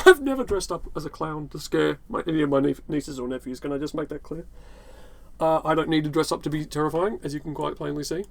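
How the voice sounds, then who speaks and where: A man's voice: fairly high pitch, fairly quick, poor audio. A young man rambling and swearing in sardonic commentary while he plays a video game in a hot room. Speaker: gaming YouTuber. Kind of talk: rambling commentary over gameplay. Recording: game music clearly audible behind.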